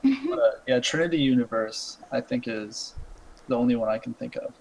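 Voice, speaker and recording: A young man co-hosting a gaming podcast, talking in a laid-back, thoughtful, halting way. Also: medium pitch, wildly swooping pitch, creaky, a little mellow, a little hiss or hum, rough recording. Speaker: podcast co-host. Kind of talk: casual gaming chat.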